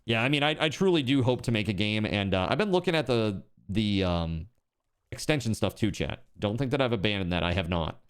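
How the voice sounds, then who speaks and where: Male streamer, excitable, with a clear, resonant voice that swings widely in pitch; yelps and laughs while playing. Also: fairly quick. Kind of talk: live gaming stream chat.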